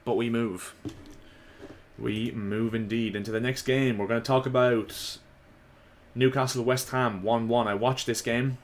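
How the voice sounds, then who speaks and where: A man giving casual, opinionated football commentary to his viewers, slightly hoarse. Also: medium pitch, fairly even intonation, a little slow. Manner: chatty, opinionated, addresses viewers as lads. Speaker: football vlogger.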